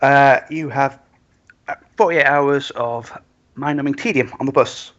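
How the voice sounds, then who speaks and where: Bright-voiced game master on a call. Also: male voice, medium pitch, unhurried, muffled recording. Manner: hesitant, filler-heavy. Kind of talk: narrating a tabletop game over voice chat.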